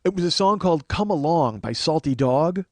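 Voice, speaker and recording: A man in his forties hosts a casual comedy podcast, rambling from one thought to the next and poking fun at himself. He swears freely and often. His voice sits a little high and is recorded close and dry, with no room sound. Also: lively intonation, moderate pace, dry recording. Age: 40s. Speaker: podcast host.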